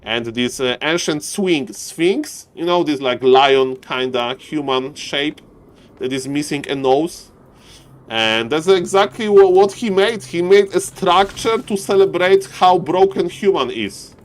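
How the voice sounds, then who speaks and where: A man casting a strategy game live, excitable and joking, often breaking into laughter. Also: a little high, a little slow. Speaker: game caster.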